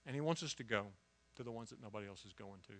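A male preacher in full storytelling mode. He drops to quiet asides, then bursts out loud, and often stumbles over and repeats words as the story runs on. His voice sits at an ordinary mid pitch for a man. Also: rapid-fire. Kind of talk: storytelling sermon.

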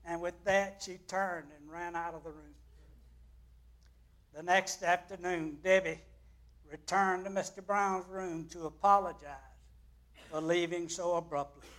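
Slow, high-voiced preacher. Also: male voice, fairly even intonation. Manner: dramatic storytelling with big swings in loudness. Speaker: pastor. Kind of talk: sermon.

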